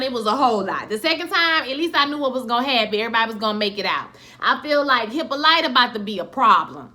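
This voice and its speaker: A woman giving a casual, animated episode recap, slangy and acting out scenes in quoted voices. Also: high voice. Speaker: TV show reviewer.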